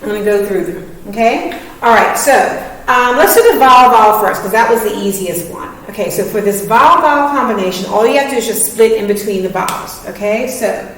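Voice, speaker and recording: A woman's voice: mid-range voice, lively intonation, fairly quick, a bit bright, a little hiss or hum. A woman teacher giving a patient, encouraging reading lesson to children, often checking that they follow. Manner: patient, encouraging, asks many checking questions. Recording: echoey room, voice from far off.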